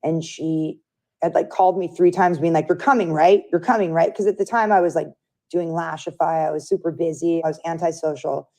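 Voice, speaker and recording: A woman's voice: low voice, a little fast. A woman giving an interview, telling a story candidly and acting out what other people said. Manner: animated storyteller who acts out others' lines. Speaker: interview guest.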